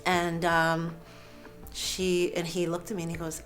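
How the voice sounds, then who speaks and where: Soft-spoken woman with a low voice. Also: completely flat delivery, soft background music. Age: 30s. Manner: earnest, halting, with frequent fillers and soft laughs. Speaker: interviewee sharing a personal story. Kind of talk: candid personal testimony.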